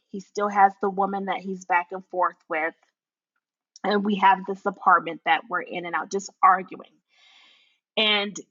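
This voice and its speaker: Woman, bright tense voice, animated storyteller, laughs often. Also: mid-range voice, highs cut off. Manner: animated, laughing while recounting. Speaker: guest telling her story. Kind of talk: personal storytelling interview.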